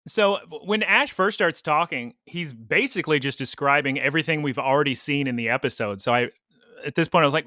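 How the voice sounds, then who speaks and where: A man's voice: on the high side, brisk, pushed and bright, dry recording, clean studio sound. A man co-hosting a podcast, recapping a cartoon episode in casual, opinionated chat and laughing often. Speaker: podcast co-host.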